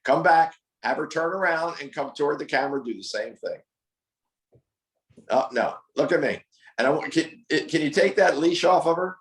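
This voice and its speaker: A male dog trainer gives firm, corrective directions and often repeats himself. His voice sits a little high. The recording has a roomy echo. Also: expressive, normal speed. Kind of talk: hands-on coaching over a call.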